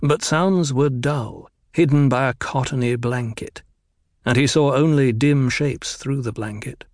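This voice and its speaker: A man with a medium-pitched voice narrates an audiobook in a measured, even storytelling manner. The recording is dry and studio quality.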